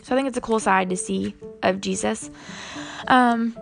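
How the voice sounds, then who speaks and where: Young mom vlogger, gravelly fry in her voice, earnest and chatty, soft music under it. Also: mid-range voice, steady tone, moderate pace. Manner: earnest, with frequent ums. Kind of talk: casual faith vlog chat.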